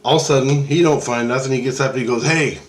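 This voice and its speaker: A man's voice: mid-range voice, steady tone, rapid-fire. A middle-aged man, retelling a dream in a loose, profane, rambling way with many restarts. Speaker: vlogger.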